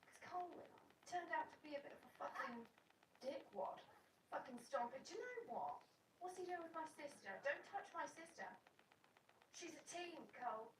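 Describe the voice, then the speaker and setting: Brief: woman, high voice, cheeky and crude game commentary, distant mic in a roomy space with background noise. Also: expressive, moderate pace. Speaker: streamer. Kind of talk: casual gameplay commentary.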